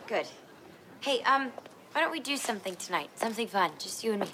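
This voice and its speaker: A woman's voice: fairly high pitch, lively intonation, a little fast, crowd noise, background noise, lightly acted. A woman voicing an earnest young cartoon heroine who stammers and hesitates when upset. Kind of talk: cartoon voice acting.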